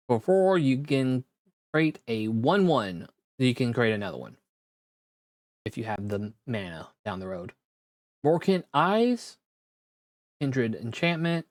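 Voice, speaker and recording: Man opening card packs in his room, reads text slowly and stumbles, dry close sound. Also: medium pitch, no room sound. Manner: reads card text aloud haltingly, with quick reactions. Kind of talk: casual card-pack opening commentary. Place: own room at home.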